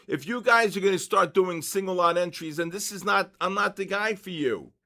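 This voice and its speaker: A man's voice: high-pitched, normal speed, pushed and bright. Emphatic older man lecturing on trading. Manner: emphatic, lecturing, repeats points with "okay?" and "all right?". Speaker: trading educator hosting a live session. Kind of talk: live-streamed trading lecture.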